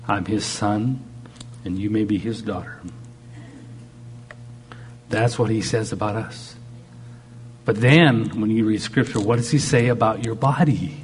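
Animated male preacher, faint hum behind. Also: mid-range voice. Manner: animated preaching, acting out God's voice in quotes. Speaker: pastor. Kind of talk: sermon.

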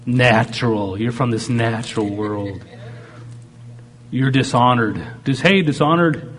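A man's voice: mid-range voice, slow, fairly bright tone. A man preaching a sermon. He talks animatedly and acts out God speaking in short quoted lines. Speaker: pastor.

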